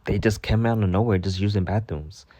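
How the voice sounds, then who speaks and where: A man's voice: fairly low pitch, fairly even intonation, brisk, mellow, dry recording, dull audio. A young man telling a mock-dramatic storytime rant in slangy, swear-filled casual talk. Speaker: storytime vlogger.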